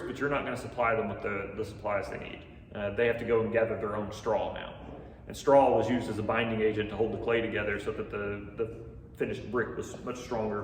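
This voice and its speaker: A man in his thirties teaching a Bible class, retelling the story in a casual, conversational way with asides. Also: fairly low pitch. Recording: echoey hall from far off, faint noise.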